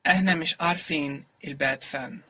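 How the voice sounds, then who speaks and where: A man's voice: on the high side, rapid-fire, sharp tone, husky. A man taking part as a student in a language lesson, giving short answers and repeating phrases.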